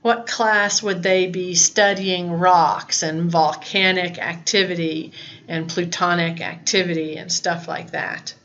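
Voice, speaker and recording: A Spanish teacher with a lowish, fairly bright woman's voice gives her students a recorded lesson, patiently explaining and mixing English with Spanish prompts. The lo-fi audio carries a little hiss or hum.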